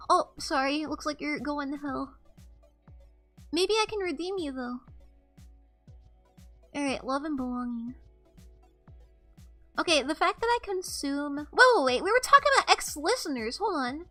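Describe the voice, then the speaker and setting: A woman's voice: sits high, expressive, normal speed, long pauses, pushed and bright, faint music behind. A young woman streaming live, chatting casually and reading chat messages aloud in a playful, self-mocking way.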